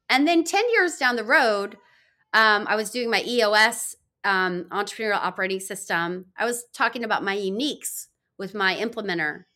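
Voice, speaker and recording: A woman's voice: mid-range voice, normal speed, sharp tone. A middle-aged woman, a podcast guest, telling her story in casual chat, full of fillers and quoted asides. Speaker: podcast guest, law firm founder.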